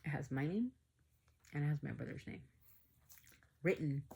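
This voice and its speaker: Brief: woman vlogger with a low voice, chatty animated storyteller, lots of fillers. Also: normal speed, creaky, breathy edge. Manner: animated, acts out quoted dialogue, many "like" fillers. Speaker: family vlogger telling a story. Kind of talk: casual storytelling to viewers.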